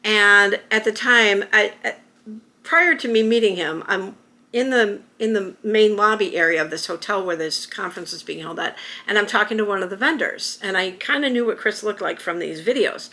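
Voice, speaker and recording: A woman's voice: mid-range voice, normal speed, pushed and bright. A middle-aged woman vlogging to camera, telling a personal story in a rambling, emotional way with many restarts. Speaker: YouTuber.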